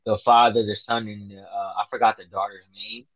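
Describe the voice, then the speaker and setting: A man's voice: fairly low pitch, fairly quick, no room sound, muffled recording. A man in casual chat, animatedly retelling a horror movie, swearing a lot and acting out the characters' lines. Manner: profane, animated, acts out quotes.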